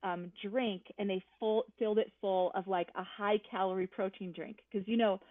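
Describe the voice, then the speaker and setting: A woman guest on a podcast telling animated, laughing family stories in casual chat. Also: mid-range voice, moderate pace. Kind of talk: casual storytelling. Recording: tinny dry phone-line sound.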